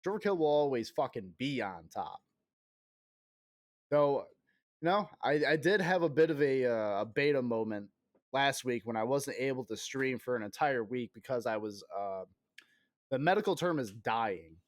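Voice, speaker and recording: A man in his thirties talks casually to his stream viewers at a mid-range pitch. He rambles, jokes at his own expense and swears freely, with an occasional cough left over from an illness. The sound is dry, with little room echo. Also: lively intonation, normal speed. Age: 30s. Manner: rambling, self-mocking, profane. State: recovering from illness, still coughing. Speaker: game streamer.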